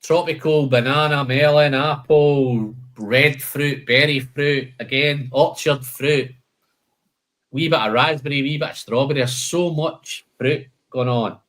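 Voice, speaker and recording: A man's voice: medium pitch, fairly even intonation, a little slow, a bit bright. A man hosting a live whisky tasting, listing flavour notes and chatting casually, calling people "man" and "mate".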